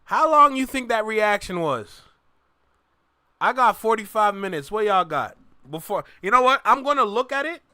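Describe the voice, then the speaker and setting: A man hosting a live reaction stream, his voice bright and slightly high. He comments on the clip and calls out to his chat in a dry, close sound. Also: animated, moderate pace, clean tone, no echo. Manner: repeats stock phrases, talks straight to chat.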